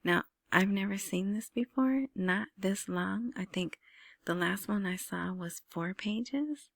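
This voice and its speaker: A woman hosting her own vlog, giving casual screen-share commentary on news in a soft, half-whispered way, with many ums and restarts. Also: fairly low pitch, gravelly, dry recording. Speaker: vlogger commenting on Iraqi news and currency.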